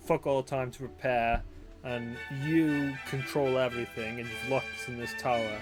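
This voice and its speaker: A scrappy young defense lawyer, played by a man in his own voice, blunt and brash, thinking aloud and bluffing her way through. Loud game music sits behind her. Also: medium pitch, close to an everyday voice. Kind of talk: let's play voice acting.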